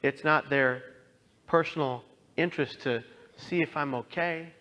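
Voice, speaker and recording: A man with a fairly high voice tells his own story as a dramatic personal testimony. He drops to near-hushed lines, then surges into loud, impassioned outbursts. He speaks straight to the listeners and pleads with them. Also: measured pace, dull audio. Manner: pleading, directly addresses listeners.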